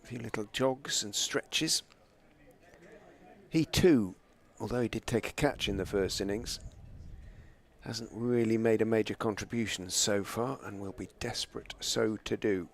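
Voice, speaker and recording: A man giving live cricket commentary, chatty between balls and excitable when a chance goes down. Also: on the low side, a little slow, creaky.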